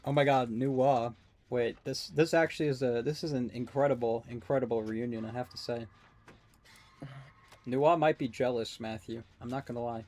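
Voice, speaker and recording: A man's voice: mid-range voice, steady tone, a little mellow. A man giving casual, joking commentary while playing a match with a friend. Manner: joking, teasing, quick asides. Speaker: caster and player.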